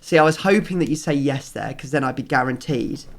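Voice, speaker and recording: A man's voice: mid-range voice, a little fast. A man hosting a gaming video, chatting casually and rambling through his explanations with plenty of fillers. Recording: music playing faintly behind.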